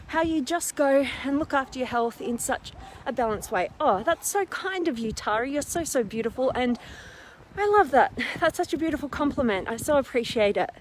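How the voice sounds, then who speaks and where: A woman's voice: sits high, expressive, moderate pace. A woman hosting a live stream while walking up a steep hill outdoors, out of breath, bubbly and full of fillers as she reads out viewer comments. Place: outdoors in a windy park on a hill. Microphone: phone camera held while walking. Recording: faint outdoor noise.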